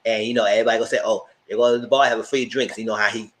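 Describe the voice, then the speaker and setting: Guy doing a live tv recap, chatty and slangy, jumps loud when he quotes people. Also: on the low side, very fast, rough recording. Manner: animated, slangy, bursts into loud mock quotes. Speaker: channel host, TV reviewer. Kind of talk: casual live TV review chat.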